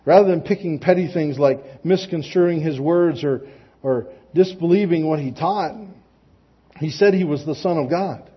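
A man's voice: fairly high pitch, moderate pace, slightly rough, lo-fi sound. A man preaching a conversational sermon in a plain-spoken way, often restarting and repeating words and dropping light joking asides.

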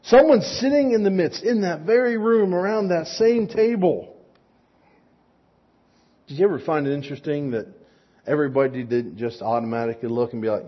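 A male preacher with a slightly high, husky voice talks through his sermon in a relaxed, relatable way, often tossing in quick asides to the congregation. The recording sounds dull and lo-fi. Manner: conversational, relatable, with frequent "right?" asides. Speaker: pastor.

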